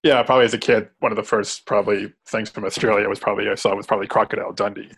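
Husky low-voiced man, easygoing. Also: steady tone, rapid-fire. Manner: easygoing, agreeing, laughs softly. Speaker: podcast co-host. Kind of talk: casual chat about movies.

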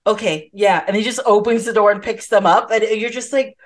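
A woman hosting a casual film podcast, talking in an animated way and acting out scenes in quoted voices. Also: fairly high pitch, fast talker. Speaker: podcast host.

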